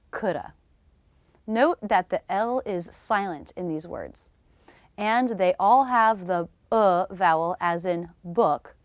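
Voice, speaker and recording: Slow, lively-voiced American woman teaching pronunciation. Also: medium pitch, no echo. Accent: General American. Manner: slow, over-articulated demonstration of sounds. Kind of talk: scripted pronunciation lesson.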